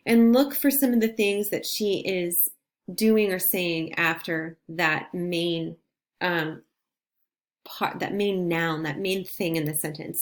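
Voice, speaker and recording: A woman teacher giving a recorded video lesson on reading difficult texts, talking in a conversational, encouraging way and often restarting her phrases. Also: mid-range voice.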